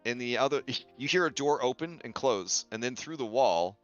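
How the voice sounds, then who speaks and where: A man narrating a tabletop game as its game master, playful and quick to slip into character voices. The audio sounds a little dull, with faint music playing underneath. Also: mid-range voice, lively intonation.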